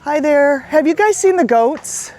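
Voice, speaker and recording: A woman's voice: high-pitched, animated, measured pace, a little mellow. A woman hosting a casual vlog outdoors on a riverside path. She talks to the camera while walking, a little out of breath, and often checks in with "right?". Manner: chatty, repeats itself, asks "right?". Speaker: fitness coach and vlog host. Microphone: handheld camera while walking.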